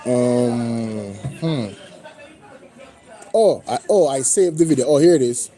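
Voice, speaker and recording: A man's voice: medium pitch, takes it slowly, warm tone. A Jamaican man hosting a reaction stream, commenting casually and slipping into patois. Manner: conversational, lapsing into patois. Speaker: reaction channel host. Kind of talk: casual commentary with livestream shout-outs.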